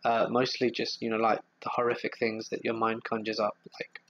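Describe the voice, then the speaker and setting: A man's voice: on the low side, completely flat delivery, brisk, a bit bright, lo-fi sound, a little hiss or hum. Chatty man hosting a live stream. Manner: chatty, hesitant, with frequent fillers and restarts. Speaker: horror story narrator and channel host. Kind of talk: casual live stream chat.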